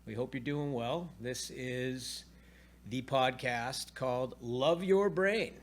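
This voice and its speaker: A man's voice: medium pitch, slow pace. A man co-hosting a casual podcast chat in a studio, upbeat and often restarting his sentences. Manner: upbeat, talks in restarts and repeats. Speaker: podcast co-host. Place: recording studio.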